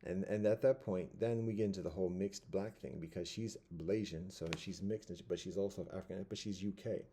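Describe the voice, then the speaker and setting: A man giving a casual commentary monologue, halting and rambling with many fillers and restarts. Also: sits low, warm tone, a little hiss or hum.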